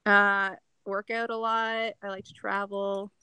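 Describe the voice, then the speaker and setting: A woman's voice: mid-range voice, flat delivery, a little slow, pushed and bright, clean tone, no echo, poor audio. A woman with a Canadian accent, a podcast guest chatting casually, full of "like" fillers. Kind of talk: casual chat.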